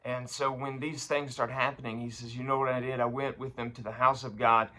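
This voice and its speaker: A man preaching a morning sermon, halting with many fillers and growing louder as he reads scripture. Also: mid-range voice, flat delivery.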